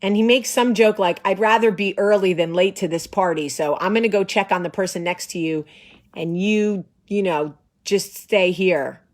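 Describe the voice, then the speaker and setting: A woman in her forties, the host, telling a story in a lively, sarcastic way and acting out the voices of the people in it. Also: mid-range voice, moderate pace. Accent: New Jersey. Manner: animated, sarcastic, acts out voices. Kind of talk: casual storytelling.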